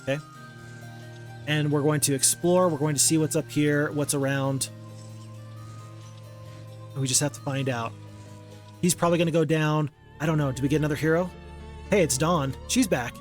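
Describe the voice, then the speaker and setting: Gaming host, male, slightly high voice; relaxed think-aloud commentary, self-critical; faint music underneath. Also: moderate pace, long pauses. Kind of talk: casual gameplay commentary.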